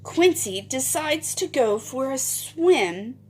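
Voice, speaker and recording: A woman's voice: high voice, animated, slow, slight background noise. A woman teacher leading a phonics lesson for young children, reading a storybook aloud in a sing-song way with whispered parts.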